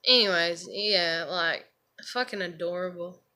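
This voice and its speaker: A woman's voice: lowish voice, measured pace, sharp tone. A woman rambling casually to camera, swearing freely and leaning on "you know" and "like.". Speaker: vlogger.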